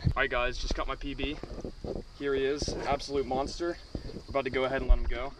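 Excitable man fishing outdoors. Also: medium pitch, brisk, pauses often, noisy background. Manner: excitable, bursts of exclamation. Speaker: angler. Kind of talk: casual fishing vlog commentary.

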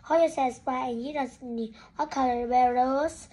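A woman reads aloud as a bossy young girl who leads her club. The voice sits high and gives orders in a commanding, scolding way, like a storybook read at home. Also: fairly even intonation, moderate pace, dark tone, husky.

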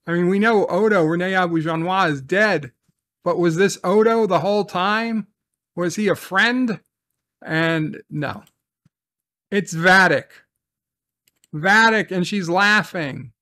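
A man's voice: high-pitched, takes it slowly, long pauses, sharp tone. A man giving a casual, rambling spoken recap and review of a TV episode, repeating phrases and swearing now and then.

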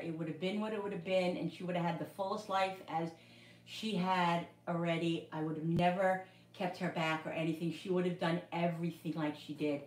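A woman's voice: fairly low pitch, distant mic. A middle-aged woman hosting a cooking livestream, chatting casually and telling a story in a rambling, repetitive way with many restarts. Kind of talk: casual chat while cooking. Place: home kitchen. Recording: echoey room, voice away from the mic.

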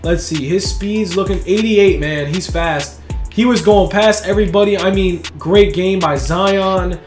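A young man who hosts a gaming channel, giving live commentary on his own game. He shouts and cheers at big plays, then talks calmly. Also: high voice, measured pace, faint music behind. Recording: echoey room.

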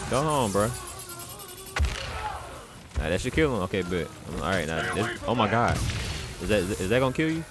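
A man giving loud, excitable commentary while playing a video game, trash-talking the characters on screen. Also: deep voice, normal speed, pauses often, over music. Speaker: gameplay commentator. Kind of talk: casual let's-play commentary.

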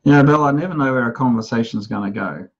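A man's voice: medium pitch, fast talker, creaky, slightly rough, highs cut off. A male interviewer asking questions in a thoughtful, hesitant way. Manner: thoughtful, hesitant phrasing with fillers. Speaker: interviewer, host. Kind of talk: conversational interview.

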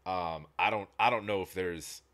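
A man with a somewhat low voice hosts a reaction video. He comments casually and excitably, rambling and restarting his sentences as he goes. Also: moderate pace.

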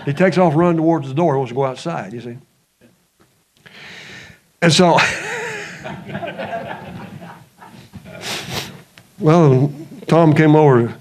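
A man preaching a folksy sermon, telling a homespun story with chuckles and easing into a soft, hushed close. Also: medium pitch. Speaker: pastor.

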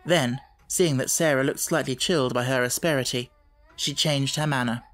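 A man reading a classic children's novel aloud as an audiobook narrator, in measured, even storytelling. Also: medium pitch. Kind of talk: scripted narration.

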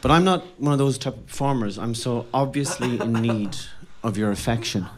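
A man's voice: mid-range voice, a little fast, a crowd in the background. A man with an Irish accent performing a stand-up set in a comedy club, telling wry, self-mocking stories and swearing casually. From Ireland. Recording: live club recording with laughing audience.

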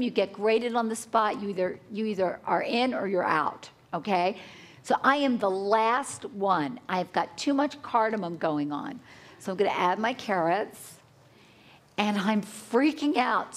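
A woman chef telling a lively story at a live cooking demonstration, acting out her own panicked reactions. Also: a little high, normal speed. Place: conference hall with a live audience.

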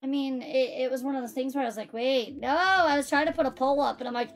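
A woman's voice: sits high, fairly quick, few pauses. A woman streaming a racing game, chatting with friends and viewers in a bubbly, chatty way and laughing often. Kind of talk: live-stream chat while racing. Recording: music playing behind.

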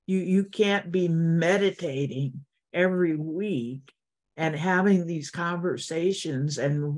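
Slow, earnest older woman speaker. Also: fairly low pitch, a little mellow. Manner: slow, earnest, encouraging, with repeated phrases. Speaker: guest speaker. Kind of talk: heartfelt talk to an online meditation group. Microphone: video call.

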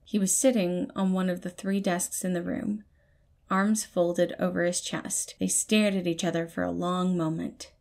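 A woman narrating fan fiction as an audiobook in an even, measured way. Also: lowish voice, creaky. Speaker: podfic reader.

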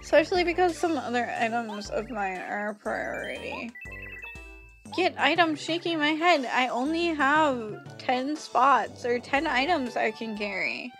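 A woman's voice: high voice, animated, unhurried, fairly bright tone, faint music behind. A woman streamer chatting casually and wryly while playing a game. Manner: chatty, wry and laughing. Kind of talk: casual gameplay commentary.

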